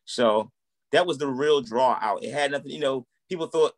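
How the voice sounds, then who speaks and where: An American man in his thirties, a musician and minister, is the guest in a casual interview. Speaking at normal speed in a mid-range voice, he tells his story animatedly and acts out the quoted dialogue.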